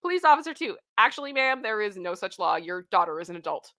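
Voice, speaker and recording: A woman's voice: medium pitch, quick pace. A woman casually reading stories aloud and reacting to them with outbursts of disbelief. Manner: animated, reads quotes aloud with outbursts of disbelief and laughter. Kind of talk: casual commentary.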